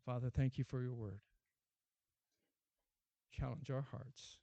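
A man preaching a sermon as pastor, asking many rhetorical questions and repeating his words, moving from loud urgent appeals to a quiet closing prayer. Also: mid-range voice, steady tone, takes it slowly, vocal fry, dry recording, lo-fi sound.

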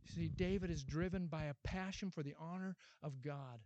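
A man preaching a sermon as pastor, asking many rhetorical questions and repeating his words, moving from loud urgent appeals to a quiet closing prayer. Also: on the high side, fairly quick, no room sound, highs cut off.

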